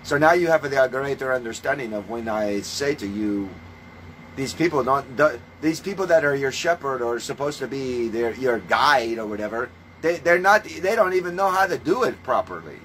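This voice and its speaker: A man preaching in a ranting monologue, scornful and full of swearing, moving between calm teaching and loud outbursts. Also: mid-range voice, normal speed, a little hiss or hum, low-quality recording. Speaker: self-styled religious preacher.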